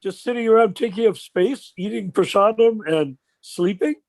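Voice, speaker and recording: An older man leading an informal religious discussion on a video call, telling stories with rhetorical questions in an animated way. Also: high-pitched, moderate pace, vocal fry, no room sound. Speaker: discussion leader.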